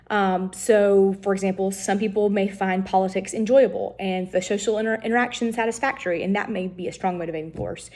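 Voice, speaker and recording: Woman teaching a class, warm mellow tone, lots of ums and restarts. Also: mid-range voice, steady tone, brisk. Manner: explanatory, frequent ums and self-corrections. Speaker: lecturer. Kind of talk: recorded lecture on political science.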